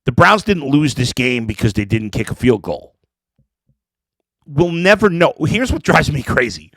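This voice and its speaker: A man's voice: medium pitch, very animated, a little slow, a bit bright, dry recording. A man hosting a sports podcast, talking through an emotional, rambling opinion monologue with lots of restarts.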